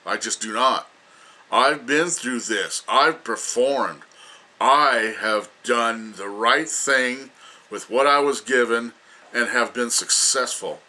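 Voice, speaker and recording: A man's voice: mid-range voice, pushed and bright. An older man giving an emphatic, lecturing opinion rant as a vlogger, repeating himself for emphasis.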